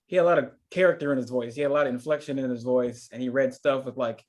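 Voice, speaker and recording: A man's voice: medium pitch, fairly even intonation, racing. A man with a mid-range voice speaks on a video call. He agrees casually and fills his sentences with plenty of ums. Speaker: course member chiming in. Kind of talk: casual Q&A chat.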